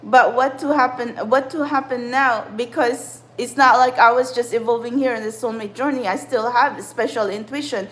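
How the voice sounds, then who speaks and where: A woman's voice: on the high side, fairly even intonation, normal speed, few pauses, a bit bright, rough recording. A woman who channels spiritual messages, venting in an agitated, profane, rambling rant to her viewers. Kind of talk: angry spiritual vlog rant.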